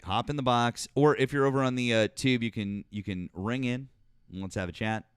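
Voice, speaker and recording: A man's voice: mid-range voice, steady tone, brisk, clean tone, no room sound, clean studio sound. A man hosting a political call-in stream, arguing hard with a caller in a profane, combative way, his throat sore. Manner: argumentative, profane, talks over callers. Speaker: political talk show host. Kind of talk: heated live call-in debate.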